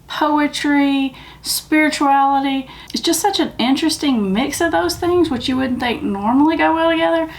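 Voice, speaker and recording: Gravelly Southern woman, plain-spoken. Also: on the high side. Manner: candid, plain-spoken, emphatic. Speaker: recovery channel host. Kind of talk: casual talk to camera.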